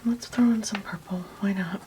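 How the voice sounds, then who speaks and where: A woman hosting a paint-along art video, talking slowly and softly and often dropping into a near whisper while she works. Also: mid-range voice, noisy background. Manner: slow, soft-spoken, often drops to a whisper while working; calls her quiet talk her calm thinking voice. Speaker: art channel host.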